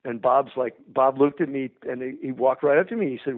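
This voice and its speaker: A man telling an animated, profane anecdote and acting out what people said. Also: medium pitch, fairly quick. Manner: profane, energetic, acts out dialogue. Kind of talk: animated storytelling. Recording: tinny phone-like sound.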